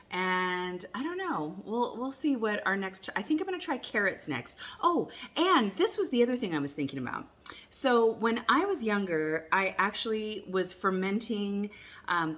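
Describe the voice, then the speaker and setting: A woman's voice: medium pitch, fairly bright tone. A woman vlogging a casual taste test at home, chatty and rambling, sometimes talking while she chews. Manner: chatty and rambling, many fillers and restarts; talks while chewing food at times. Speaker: cooking vlogger.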